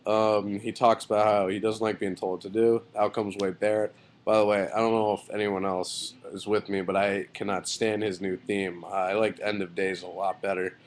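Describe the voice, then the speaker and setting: A man vlogs a casual video review of a wrestling show, rambling loosely with lots of fillers and blunt opinions laced with swearing. His lowish voice has a flat delivery at a moderate pace.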